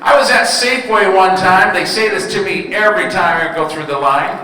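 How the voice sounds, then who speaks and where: A young man performing a stand-up comedy routine, telling animated stories and slipping into put-on voices. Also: sits high, a little fast, background noise. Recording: echoey hall from far off.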